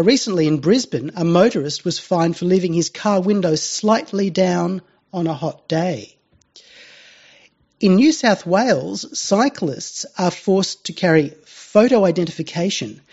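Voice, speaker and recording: A talk radio host, interviewing a guest and reading out a list in a halting way full of fillers. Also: mid-range voice, a little mellow. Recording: lo-fi radio audio with faint music.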